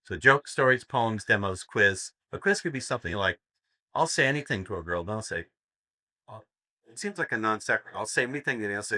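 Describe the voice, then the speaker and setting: A man's voice: lowish voice, lively intonation, a little fast, bright, forceful tone, no echo, clean studio sound. A man giving a live seminar talk, telling crude jokes as stories and laughing at his own punchlines. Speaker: seminar speaker. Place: seminar room with audience.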